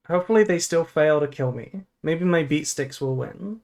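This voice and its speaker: A woman's voice: low voice, expressive, normal speed, few pauses, darkish tone. A woman streamer casually thinking aloud through a card game, swearing and groaning melodramatically at her bad luck.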